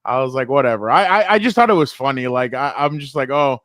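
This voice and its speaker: A man with a smooth, resonant voice tells a story on a podcast and acts out the people in it. He is recorded close and dry, with no room sound. His pitch sits in a middle range. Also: fast talker, fairly bright tone, no room sound. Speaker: podcast co-host. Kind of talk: casual chat, storytelling.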